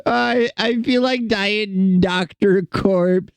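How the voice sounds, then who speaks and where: A man's voice: sits high, very slow, gravelly, clean tone, no room sound. A young man streaming while he draws, chatting with viewers in a rambling, self-mocking, jokey way. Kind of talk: casual livestream chat while drawing.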